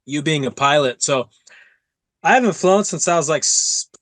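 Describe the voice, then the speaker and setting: A man hosting an interview podcast, telling stories in an animated way and acting out his own quotes. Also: fairly high pitch, moderate pace, dry recording. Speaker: podcast host. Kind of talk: casual interview chat.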